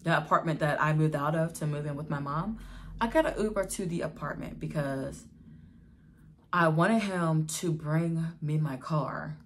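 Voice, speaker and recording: A woman's voice: low-pitched, moderate pace, a little hiss or hum. Exasperated woman telling a storytime. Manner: emotional, exasperated, addresses viewers as y'all. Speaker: vlogger telling a personal story. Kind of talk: storytime vlog.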